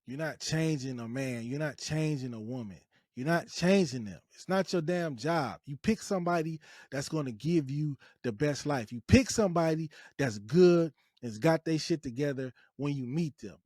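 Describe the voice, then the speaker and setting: Man, podcast host, higher voice, dry close sound, emphatic, repetitive, profane. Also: normal speed, few pauses, no echo. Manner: emphatic and repetitive, swinging between loud outbursts and low asides; blunt and profane. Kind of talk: preachy podcast monologue.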